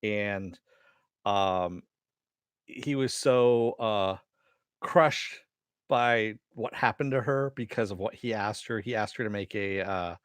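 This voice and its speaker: A man's voice: on the low side, slow, clean tone, dry recording. Laughing, rambling male reviewer. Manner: rambling and laughing, with cursing and quoted lines. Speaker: host reviewing animated episodes. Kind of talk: casual spoken review.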